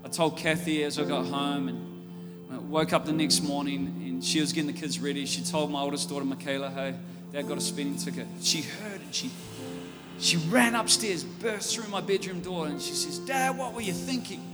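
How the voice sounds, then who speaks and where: An Australian man preaching a sermon, telling stories and building up to loud, fervent preaching. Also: fairly high pitch, fairly even intonation, moderate pace. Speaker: pastor. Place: church auditorium. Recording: church hall reverb with faint music.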